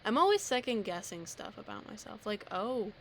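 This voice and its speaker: A woman's voice: mid-range voice, very animated, brisk, vocal fry, slight background noise. A teenage girl ranting casually to camera, rambling and self-deprecating, with lots of filler words. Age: teens. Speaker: vlogger.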